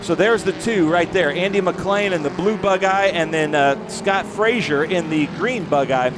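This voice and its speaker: A man with a high voice calls a race live, chatty and admiring as he points out the cars. Engine noise and trackside ambience sit clearly behind him in the mix. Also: moderate pace. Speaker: race commentator. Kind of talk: live motorsport commentary. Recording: noisy trackside with engine sound.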